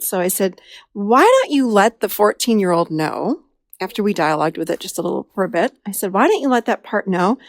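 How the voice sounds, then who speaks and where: A woman's voice: mid-range voice, no room sound, studio quality. A woman therapist hosting a podcast, telling a client's story casually and acting out the dialogue in a raised voice. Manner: animated, acts out dialogue in a raised voice.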